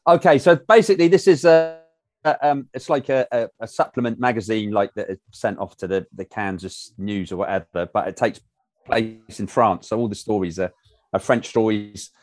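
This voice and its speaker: A man's voice: lowish voice, normal speed, a little mellow. A man co-hosting a casual radio show, explaining a film hesitantly with many fillers.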